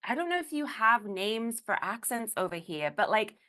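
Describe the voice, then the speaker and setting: A young woman from Newcastle with a Geordie English accent, chatting as a guest and telling stories in quick, animated bursts. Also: fairly high pitch. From Newcastle, England. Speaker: guest, burlesque host and comedian. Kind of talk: casual podcast chat.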